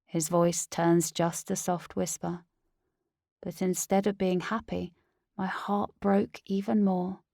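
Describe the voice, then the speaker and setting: A woman's voice: on the low side, level tone, slow pace, vocal fry, dark tone, no echo, clean studio sound. A woman narrating a first-person audiobook in an earnest, dramatic reading.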